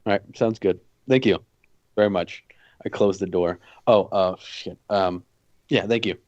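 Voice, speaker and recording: A man's voice: deep voice, fairly even intonation, unhurried, a little mellow, no room sound, dull audio. A man playing his character in a tabletop game, casual and thoughtful. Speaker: player. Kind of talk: in-character tabletop role-play.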